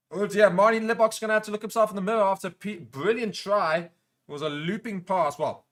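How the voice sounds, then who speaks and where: Man, South African accent, higher voice, chatty live rugby stream host, excited play-by-play bursts. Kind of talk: casual live commentary while reading chat comments.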